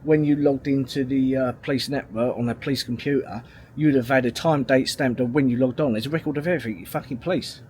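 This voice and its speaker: A man's voice: mid-range voice, steady tone, fast, darkish tone, a little hiss or hum. A middle-aged man, telling a long story to camera in a rambling, sweary way, full of fillers and restarts. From England. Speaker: vlogger.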